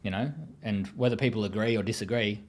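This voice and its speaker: A man's voice: lowish voice, fairly even intonation, fairly quick. An Australian man speaking as an interview guest, telling his story in a blunt, profane, casual way with many fillers.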